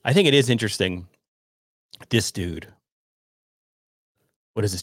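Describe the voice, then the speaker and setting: Low-voiced man rambling on a livestream. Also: animated, a little slow, pauses often, fairly bright tone, no echo, studio quality. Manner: rambling, loose, profane, reads donations aloud. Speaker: podcast host reading chat. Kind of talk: casual livestream commentary.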